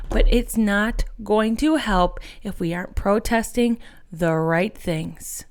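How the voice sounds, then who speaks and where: A woman delivers a furious political rant on her podcast and peppers it with profanity. She speaks straight to her audience and calls them friends as she urges them to act. Her voice sits in an ordinary middle pitch for a woman. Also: a little mellow. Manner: angry, profane, rallying; addresses listeners as friends. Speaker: activist podcast host. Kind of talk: impassioned political monologue.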